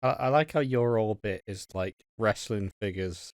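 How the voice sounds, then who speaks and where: Male podcast co-host, low voice, dry close sound, crude and rambling. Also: normal speed, dry recording. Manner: swearing, laughing, rambling recaps. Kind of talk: casual crude podcast banter.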